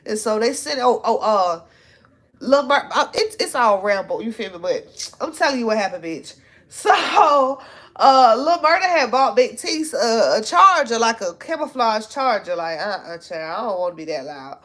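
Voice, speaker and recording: Woman, young adult, high voice, casual chat, animated storyteller, laughing, slangy. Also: normal speed. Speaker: podcast host recapping a TV show.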